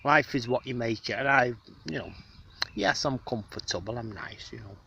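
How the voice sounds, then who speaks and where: A man's voice: medium pitch, moderate pace, vocal fry, pushed and bright, dull audio, a little hiss or hum. A man rambling in an affected, genteel way with many fillers, chatting outdoors to the person filming him. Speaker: vlogger. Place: outdoors in the countryside on a hot day.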